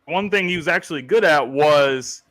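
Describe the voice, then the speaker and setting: A man's voice: a little high, normal speed, background noise. A man hosting a casual sports podcast, blunt and joking, and talking to viewers in the chat. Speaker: podcast host.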